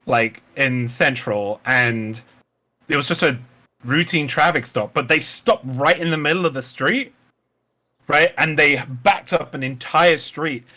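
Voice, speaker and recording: A stream host with a fairly high, unhurried voice paints miniatures while chatting casually. He's an animated storyteller who laughs a lot and swears freely.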